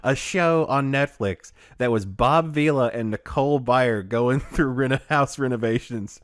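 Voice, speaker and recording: A man's voice: medium pitch, measured pace, no echo, studio quality. A man co-hosting a podcast in casual chat, rambling with many restarts and laughing often. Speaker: podcast co-host.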